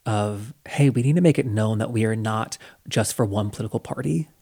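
A man's voice: fairly low pitch, fairly quick, vocal fry, dark tone, slightly rough. Chatty man asking interview questions. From American South. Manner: chatty and playful, with many fillers. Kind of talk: casual interview chat.

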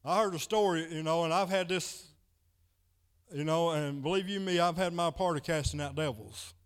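Male preacher, slightly higher voice, folksy storytelling sermon, keeps saying "he said". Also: moderate pace, clear, resonant tone. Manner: folksy, repeats "he said" while retelling a story.

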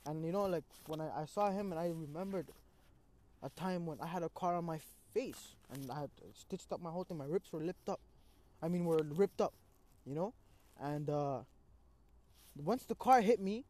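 A young man tells a personal story in casual conversation, his voice sitting high for a man. He talks with loose street slang, drops "bro" again and again, and acts out his own reactions as he goes. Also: mellow, no room sound.

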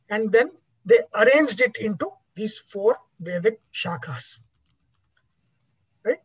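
Man, high voice, class lecture, restarts phrases, keeps asking "right?", dull lo-fi sound. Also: a bit bright. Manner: repeats and restarts words, asks "right?" often. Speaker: teacher. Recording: dull lo-fi recording.

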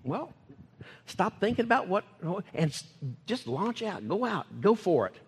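An older man preaching a sermon in a church, speaking in animated bursts and repeating key phrases for emphasis. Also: sits high, a little slow, a little hiss or hum. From United States. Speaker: pastor. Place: church sanctuary. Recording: long church reverb.

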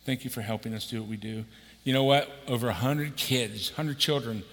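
Speaking a little fast in a mid-range, slightly bright voice, a sixty-something executive pastor delivers a conversational sermon. He performs quotes with a raised voice, and the church auditorium adds a long hall reverb.

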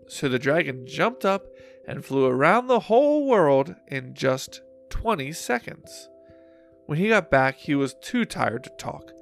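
A man reading a children's storybook aloud, slow and expressive, over soft guitar music. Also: mid-range voice, vocal fry. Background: faint guitar music.

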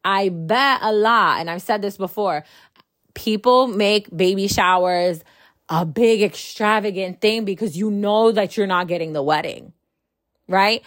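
A woman's voice: medium pitch, measured pace, a bit bright, dry recording. A woman in her thirties talking casually and bluntly, full of profanity and rhetorical "right?" questions, with a close dry sound. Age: 30s. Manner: rhetorical, keeps asking "right?". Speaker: host. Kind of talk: casual monologue.

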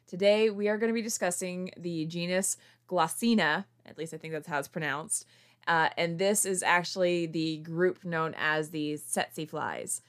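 A woman's voice: fairly low pitch, normal speed, smooth. A woman co-hosting a casual wildlife podcast, who laughs easily and adds dry asides. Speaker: podcast co-host.

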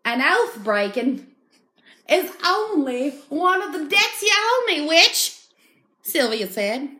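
A woman reading a vampire novel aloud in a put-on accent that drifts from Australian to Southern, slow and theatrical. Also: high-pitched, big pitch swings, bright, forceful tone, heavily acted. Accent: mock Australian drifting to Southern US. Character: mock-dramatic female narrator with wandering accent. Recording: echoey room.

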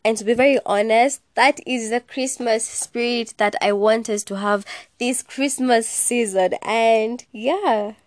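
Young woman, sassy casual podcast rant, kinda high voice, dry close mic. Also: steady tone, unhurried, no room sound. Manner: chatty and sassy, mixes in Swahili words, swears freely. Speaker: podcast host. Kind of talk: casual solo podcast chat.

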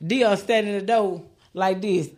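A middle-aged woman co-hosting a casual chat, telling animated, profane family stories and laughing through them. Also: medium pitch, moderate pace. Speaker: podcast co-host.

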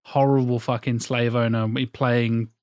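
Guy ranting about movies, lots of swearing, mid-pitched, dry close sound. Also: level tone, unhurried, darkish tone, clear, resonant tone, no echo. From England. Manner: sweary, rambling enthusiasm. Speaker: podcast host. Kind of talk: casual film chat.

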